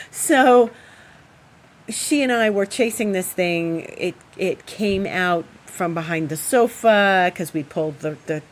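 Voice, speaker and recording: Woman astrologer host with a lowish voice and an animated, rambling home chat, over faint room hum. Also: slow. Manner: animated, chatty, rambling with fillers. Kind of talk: casual storytelling. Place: at home, indoors.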